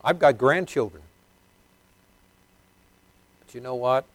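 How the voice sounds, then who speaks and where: Older guy preaching, gets loud then drops low, chuckles and quizzes the congregation, dry sound. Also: slow pace, no echo. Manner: swings from loud emphatic bursts to quiet low asides; chuckles and asks the congregation questions. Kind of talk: sermon.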